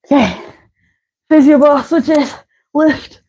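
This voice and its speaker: Her voice sits high and mellow, and she takes it slowly: a woman running a live workout as fitness instructor, counting reps and cueing stretches. She sounds out of breath and winded between cues, and the audio is poor.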